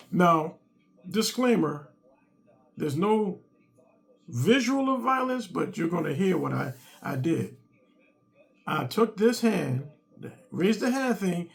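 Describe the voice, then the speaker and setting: Brief: father doing a comic storytelling monologue, high-set, gravelly voice, animated delivery. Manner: animated, acts out both sides of the dialogue.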